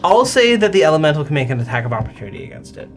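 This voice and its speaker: A man narrating as game master of a tabletop game, animated and hesitant with many fillers. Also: on the high side, very fast.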